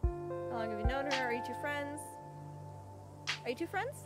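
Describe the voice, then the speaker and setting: Woman reading a friendly small-town girl, chatty and teasing, higher voice, clear music underneath. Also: lively intonation, normal speed.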